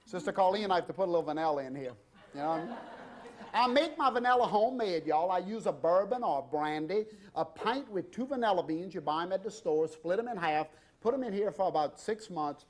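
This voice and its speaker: A middle-aged man with a drawl hosts a cooking demonstration, his voice sitting notably high for a man. He banters cheerfully with guests and crew, rambling loosely between steps of the recipe. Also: lively intonation, brisk. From Louisiana. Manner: jovial and chatty, jokes with guests and crew, warm banter; loose unscripted delivery with many fillers. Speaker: TV cooking show host and chef.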